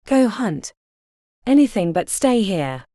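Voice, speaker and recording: A woman's voice: mid-range voice, big pitch swings, slow, warm tone, dry recording, studio quality. A woman voicing a headstrong young witch nurse. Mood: urgent.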